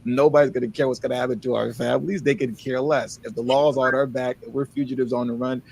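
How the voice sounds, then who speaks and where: A man's voice: mid-range voice, fairly even intonation, fast, vocal fry, darkish tone, slightly rough. A man hosting a casual livestream commentary, talking in an emphatic, pleading, repetitive way. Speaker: livestream host.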